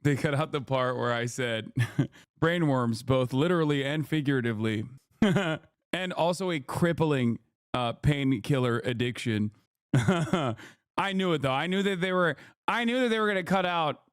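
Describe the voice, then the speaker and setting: Crisp, close-miked male streamer. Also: a little high, unhurried, dry recording. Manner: loose, profane, laughs often. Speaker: streamer reacting to a news report. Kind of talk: casual live-stream commentary.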